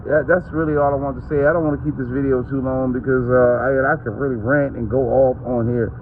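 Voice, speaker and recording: A man's voice: mid-range voice, steady tone, fast talker, phone-quality sound, slight background noise. A man, ranting to camera in a heated, profane, rambling way. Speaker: vlogger.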